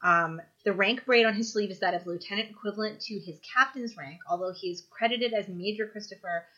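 A woman's voice: mid-range voice, a little fast, sharp tone, lo-fi sound. A woman co-hosting a casual podcast chat, eagerly explaining background details. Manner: enthusiastic, explains trivia in detail. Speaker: podcast co-host.

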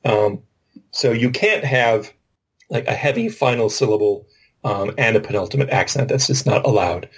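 A man co-hosting a podcast, with a slightly husky voice at a middle pitch. He explains patiently and thinks out loud, laying out one point after another in a relaxed, conversational way. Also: normal speed. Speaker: podcast co-host. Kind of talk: casual linguistics discussion.

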